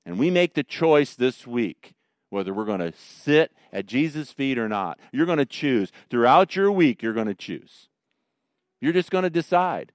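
A middle-aged man preaching a sermon, swinging between loud emphatic lines and quiet tender ones. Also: medium pitch, very animated, unhurried, no room sound, studio quality. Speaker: pastor.

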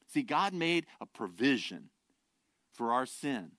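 A pastor preaching a sermon, earnest and direct, shifting from quiet, low asides to loud, emphatic declarations and rhetorical questions. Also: male voice, big pitch swings, slow, no echo, clean studio sound. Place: church.

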